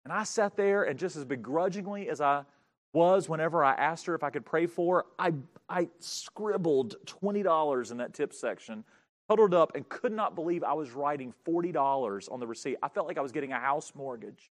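Preacher man telling a story, high voice, bouncing all over, pokes fun at himself. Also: brisk. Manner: animated, self-mocking storyteller. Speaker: pastor. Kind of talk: storytelling sermon.

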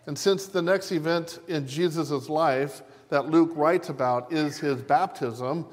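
A pastor giving a measured, deliberate sermon, repeating key phrases for emphasis. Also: male voice, a little high, in a large hall. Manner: measured, deliberate preaching with repetition.

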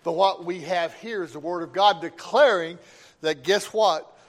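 A man's voice: high voice, unhurried. A man preaching a sermon as pastor, with rising emphasis and call-outs to the congregation.

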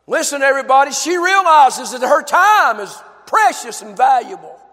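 Male pastor preaching emphatically to his congregation; bright, high voice, long hall echo. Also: big pitch swings, moderate pace. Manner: emphatic, asks the congregation questions. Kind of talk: sermon. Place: church.

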